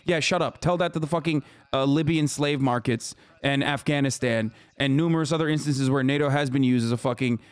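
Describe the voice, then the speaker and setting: A man's voice: medium pitch, fairly quick, clear, resonant tone, no room sound. A man streaming live, reacting to news with agitated, profane ranting.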